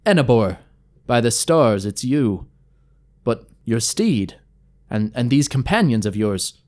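A man's voice: medium pitch, very animated, takes it slowly, darkish tone. A man voicing a formal, earnest male elf scout in a fantasy storybook reading. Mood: solemn, urgent.

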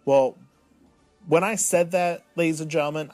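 A man's voice: a little high, fairly even intonation, moderate pace, a little mellow, dry recording, soft background music. A man in his thirties hosting a solo podcast, hamming up his moods, sliding from self-pitying mumbles to indignant outbursts. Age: 30s. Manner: mock-dramatic, swinging from self-pitying to indignant. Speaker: podcast host.

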